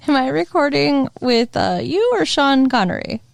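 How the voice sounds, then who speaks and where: Female co-host, higher voice with some fry, easygoing and laughing. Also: no room sound, clean studio sound. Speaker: podcast co-host. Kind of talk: casual chat.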